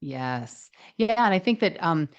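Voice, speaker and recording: A woman therapist co-hosting a relationship podcast, her voice sitting very low with a gravelly, fry-laced edge. She talks in an earnest, thoughtful way, full of affirming agreement. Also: lively intonation, unhurried. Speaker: couple therapist, podcast co-host. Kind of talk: casual conversational podcast chat.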